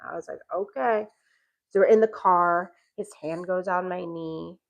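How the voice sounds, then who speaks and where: A woman's voice: fairly low pitch, measured pace, gravelly, lo-fi sound. A middle-aged woman casually telling a story, laughing often and acting out what people said. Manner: animated, laughs often, acts out quoted lines. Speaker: podcast host telling a dating story.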